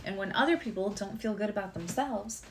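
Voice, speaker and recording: A woman's voice: medium pitch, brisk, slight background noise. A woman giving a casual live tarot and astrology reading, chatty and rambling with many fillers and asides.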